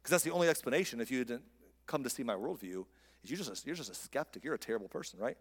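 A man's voice: medium pitch, animated, rapid-fire. Man preaching in an echoing hall. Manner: conversational and emphatic, with rhetorical questions. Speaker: pastor. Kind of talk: sermon. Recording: long hall reverb.

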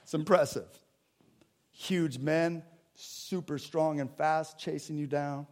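Pastor, male, fairly high voice, chatty sermon delivery with voices for Bible scenes. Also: slow pace, pauses often, a little mellow. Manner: conversational preaching, calls out to the congregation. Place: church sanctuary.

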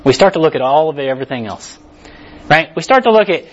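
A man's voice: on the high side, fast, lo-fi sound. A man preaching a casual, conversational sermon, acting out what people tell themselves. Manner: casual, animated, acts out inner voices.

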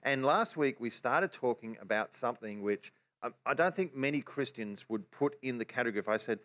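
An Australian man, a pastor, leading a relaxed Bible teaching chat. He talks quickly and often restarts his sentences mid-thought, at an ordinary middle pitch. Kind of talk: casual church teaching chat.

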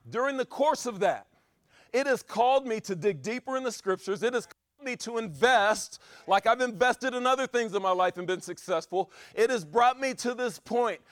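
In this sermon, a high-voiced, expressive preacher moves at a moderate pace, alternating between booming urging and hushed side comments. He keeps pressing home his message with rhetorical question after rhetorical question, and the recording has no echo.

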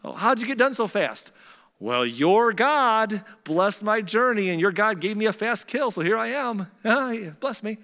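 A man's voice: sits high, big pitch swings, a little slow, bright, forceful tone, in a large hall, voice pushed up, heavily acted. A man voicing an eager young man who is tricking his blind father, in a raised, pushy voice.

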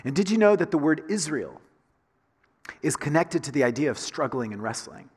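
Husky Southern man preaching in a hall. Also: fairly high pitch, sing-song, normal speed. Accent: Southern American. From Southern United States. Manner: conversational preaching with rhetorical questions. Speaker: pastor. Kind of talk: sermon.

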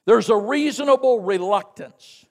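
A Southern American man preaches in a voice pitched unusually high, swinging between easy storytelling and near-shouted emphasis. He keeps calling the congregation to answer him. His voice rings through a church with a long, lingering reverb. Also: animated, measured pace. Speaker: missionary preacher. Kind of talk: sermon. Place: church sanctuary.

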